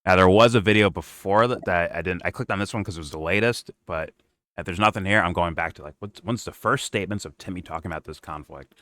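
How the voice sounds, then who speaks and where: Blunt low-voiced man hosting a reaction. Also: fast, a bit bright. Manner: blunt, profane, mocking. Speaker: reaction stream host. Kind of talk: casual profane reaction chat.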